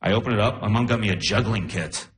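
A man telling stories on a live comedy stage in an animated way, into a handheld stage mic. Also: on the low side, fast talker. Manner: animated, storytelling. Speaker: stand-up comedian. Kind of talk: stand-up comedy set.

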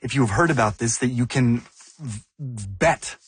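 A man's voice: medium pitch, measured pace, breathy edge, no room sound. A man co-hosting a news discussion, asking questions and thinking aloud.

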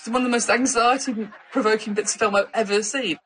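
A woman scientist explains her research in an interview, animated and expressive. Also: on the high side, breathy edge, low-quality recording. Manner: animated, expressive, quick asides. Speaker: scientist guest.

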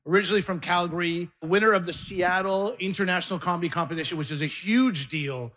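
A man's voice: high voice, fast talker, fairly bright tone. A man hosting a comedy show, introducing the next comic to the crowd on stage. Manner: hyping up the crowd.

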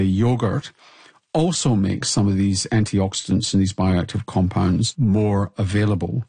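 A man, a health expert co-hosting a podcast, explaining in a measured way with frequent restarts. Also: on the low side, vocal fry, warm tone, slightly rough, no echo.

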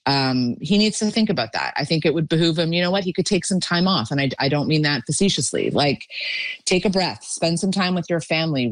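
A woman's voice: rumbling low, dry recording. A woman on a political panel, offering thoughtful, reflective commentary.

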